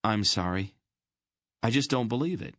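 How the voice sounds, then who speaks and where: A man's voice: fairly low pitch, expressive, moderate pace, fairly bright tone, dry recording, studio quality, pitched above the performer's own voice. Man voicing a sulky, defiant farm boy. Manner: sulky, defensive, blurting. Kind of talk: audiobook character voice.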